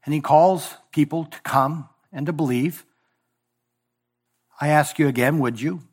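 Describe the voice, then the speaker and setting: A male pastor preaching a sermon in a church, voicing scripture and God's words with swings from loud emphasis to hushed tones. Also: fairly high pitch, unhurried, husky. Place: church sanctuary.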